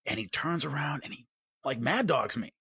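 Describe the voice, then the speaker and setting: A man co-hosting a casual sports podcast, telling stories with lively acted-out quotes. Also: mid-range voice, normal speed, slightly rough, no echo. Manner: animated storyteller, acts out quotes. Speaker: podcast co-host and MMA commentator.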